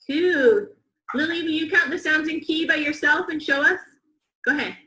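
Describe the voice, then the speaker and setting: A woman teaching young students a phonics lesson, slow, clear and encouraging, with call-and-response counting. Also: sits high, bright, forceful tone, reverberant, poor audio.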